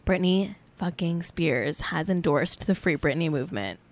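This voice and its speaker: A woman's voice: lowish voice, animated, unhurried. A young woman hosting a podcast in casual chat, a little tipsy, rambling and giggly with lots of fillers. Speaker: podcast host.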